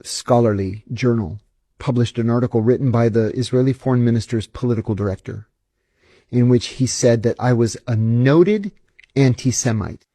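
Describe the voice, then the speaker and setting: Husky-voiced man telling stories in an interview. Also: medium pitch, moderate pace, dry recording. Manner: animated, acts out quoted dialogue. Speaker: interview guest, former intelligence officer. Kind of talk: conversational interview storytelling.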